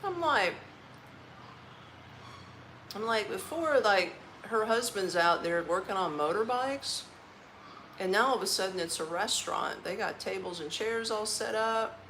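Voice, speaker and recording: This woman from Orlando, Florida hosts a casual live stream in her apartment, eating and sounding tired as she chats, with frequent laughter and folksy slang. Her medium-pitched, slightly bright voice moves at a moderate pace over slight background noise on a rough recording.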